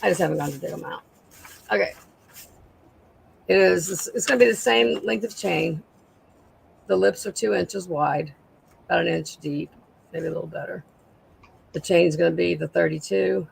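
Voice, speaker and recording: A woman with a raspy voice, a guest seller chatting casually on a live sale and describing jewelry pieces. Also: lowish voice, normal speed, long pauses, a little hiss or hum, rough recording.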